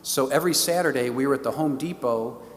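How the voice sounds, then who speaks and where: Speaking quickly in a mid-range voice, a diocesan stewardship director from St. Louis, Missouri, addresses a parish in church with animated stories, voicing the dialogue himself. The recording has a slight hiss or hum and the lingering reverb of a church hall.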